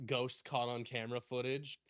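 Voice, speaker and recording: A man guest streamer in casual chat, animated and laughing often, sometimes putting on voices. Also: medium pitch, normal speed, dry recording, clean studio sound.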